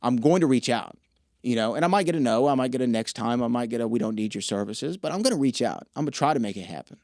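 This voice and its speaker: A man's voice: medium pitch, fast, no room sound, studio quality. A young man, a podcast guest, telling stories in a casual interview and acting out quoted dialogue. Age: young adult. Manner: animated storyteller who acts out quoted dialogue. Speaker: podcast guest, wrestling ring announcer.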